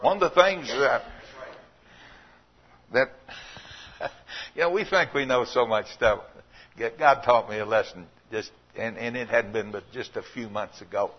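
A man preaching a sermon, telling folksy stories and rising to loud, emphatic points. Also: fairly low pitch, normal speed, lo-fi sound.

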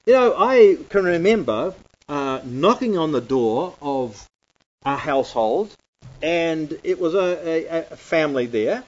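A man teaching through scripture in a conversational sermon, emphatic and swinging between loud and hushed. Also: a little high, expressive, unhurried. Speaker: Bible teacher. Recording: dull lo-fi recording.

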